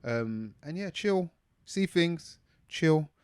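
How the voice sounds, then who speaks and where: A man's voice: fairly high pitch, expressive, slow pace, darkish tone, clear, resonant tone. A man co-hosting a podcast, easygoing, often restarting his sentences. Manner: easygoing, hesitant restarts, laughs along. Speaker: podcast co-host. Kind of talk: casual chat.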